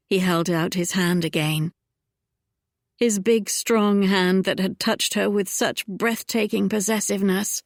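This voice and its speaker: A woman narrating an audiobook in a measured, intimate storytelling manner. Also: medium pitch, fairly even intonation, no echo, clean studio sound. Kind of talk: scripted narration.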